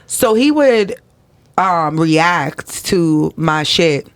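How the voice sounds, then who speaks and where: A young woman co-hosting a podcast, telling stories in a lively, profane, casual way. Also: sits low, extremely slow. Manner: animated, profane storytelling. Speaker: podcast co-host. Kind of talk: casual chat.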